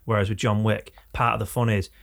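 A man's voice: lowish voice, brisk, gravelly. A man chatting casually about films, retelling scenes with acted-out gunshots and quotes. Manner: animated storytelling, acts out gunshots and quotes. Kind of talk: casual chat.

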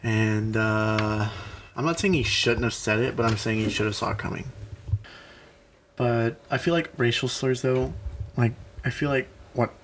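A man's voice: medium pitch, a little slow, slight background noise. A young man in casual chat, brash and swearing, now and then jumping into silly put-on voices.

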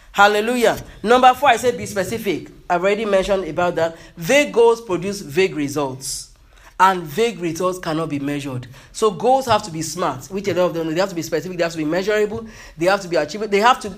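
A man preaching a motivational sermon with emphasis, repeating key phrases and calling out hallelujah. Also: sits high.

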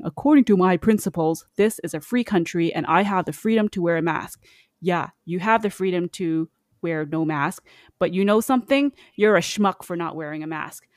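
Lady on a podcast, chatty, lowish voice, dry close mic. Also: no echo. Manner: chatty, reads quotes aloud with animated asides. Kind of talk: casual podcast chat.

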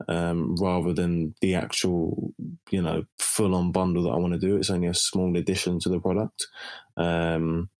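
A man with a London accent leaves a recorded question for a podcast. His voice is deep and quite flat in pitch. He speaks hesitantly and fills pauses with "um.". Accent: London English. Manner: hesitant, many fillers. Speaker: caller.

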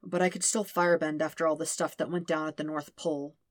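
A brooding, self-critical teenage prince, read by a woman in a strained, tense voice for a fan audio story. The voice sits on the low side and sounds close and dry, with no room around it. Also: flat delivery, fast talker, dry recording, natural voice. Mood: sullen.

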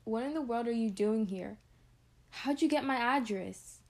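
A woman's voice: on the high side, measured pace. A woman playing a furious young woman confronting the man who hurt her, in a drama rehearsal. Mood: guarded. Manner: angry, accusing.

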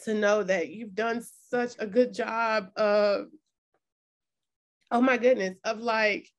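A woman's voice: medium pitch, steady tone, slow pace. A woman hosting a casual interview, emotional and effusive, close to tears as she talks. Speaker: podcast host and coach.

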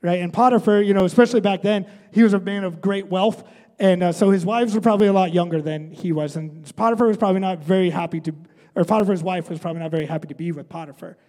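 Pastor guy, pretty high voice, chatty sermon, lots of "right?", big echoey church hall. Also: quick pace, dark tone. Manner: conversational, often adds "right?".

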